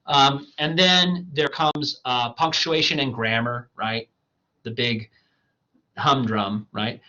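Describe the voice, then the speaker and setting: A man teaching a recorded online writing lecture, casual with students and tagging "right?" onto his points, his voice going hoarse. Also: mid-range voice, fairly even intonation, slow pace, pushed and bright, dull audio. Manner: casual, addresses students as "you guys", fillers "um", "right?". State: losing his voice. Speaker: college writing instructor.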